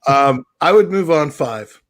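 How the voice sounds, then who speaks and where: A man's voice: fairly high pitch, animated, measured pace, a bit bright. A man on a podcast panel answering a viewer question in casual chat, laid-back and thinking aloud.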